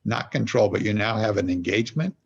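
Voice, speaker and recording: A man's voice: lowish voice, brisk, creaky, husky, muffled recording. A man as a podcast guest, explaining ideas through storytelling, acting out little inner voices, often stopping to restart a thought. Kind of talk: conversational explanation.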